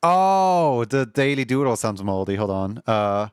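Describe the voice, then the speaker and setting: A man's voice: mid-range voice, measured pace, few pauses, clean tone, dry recording. Young male streamer, rambling casual chat, dry close sound. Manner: rambling, heavy filler words, laughs often. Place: home room.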